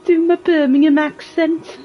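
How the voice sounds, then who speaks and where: Slow, playful young woman streamer. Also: high-pitched, dull audio. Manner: playful, slow-talking, giggly. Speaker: streamer playing a game. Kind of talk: casual live-stream chat.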